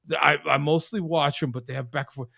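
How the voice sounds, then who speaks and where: A man's voice: fairly high pitch, fairly even intonation, fast, vocal fry, bright, forceful tone, no echo, studio quality. A man hosting a casual live-streamed chat over video call, rambling and joking, often repeating his words. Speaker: host.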